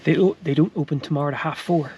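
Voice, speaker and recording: A man's voice: fairly high pitch, fast, darkish tone, a little hiss or hum. Joking man in a stopped van. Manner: jokey, teasing, chuckles often. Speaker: vlogger. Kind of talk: casual travel vlog chat. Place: stopped van beside a road.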